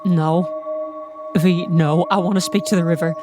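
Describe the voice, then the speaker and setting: A woman's voice: on the low side, steady tone, moderate pace, music in the background. A woman playing her character in a tabletop game, talking in an earnest, pleading, folksy way. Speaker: player. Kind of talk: in-character tabletop role-play.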